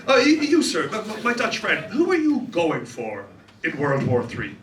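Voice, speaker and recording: High, animated stand-up comedian in a club. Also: male voice, moderate pace. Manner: animated, laughing, crowd work. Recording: echoey room, distant, noisy.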